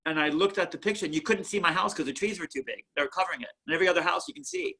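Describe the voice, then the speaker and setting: A man who founded a museum chats in an interview at home, an animated storyteller who repeats and restarts his words. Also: fairly high pitch, very fast. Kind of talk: casual interview chat.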